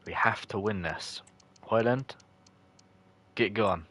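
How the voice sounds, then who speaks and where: Low-voiced man streaming a football game. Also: takes it slowly, fairly bright tone. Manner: chatty and loose, answers chat viewers by name; jokey, slangy, swears when frustrated. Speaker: live streamer playing a football video game. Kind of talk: casual live-stream commentary, reacting to chat.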